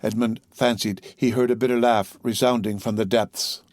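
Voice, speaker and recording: Male audiobook narrator, mid-pitched, steady reading, dry close sound. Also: normal speed, dry recording.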